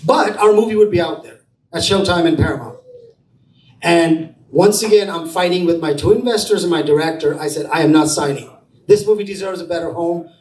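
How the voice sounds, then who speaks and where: Man telling a lively story in an echoey room. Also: fairly high pitch, a little fast, distant mic, slight background noise. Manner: animated storytelling, acting out quotes. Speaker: film producer. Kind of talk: storytelling talk at an event. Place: event space.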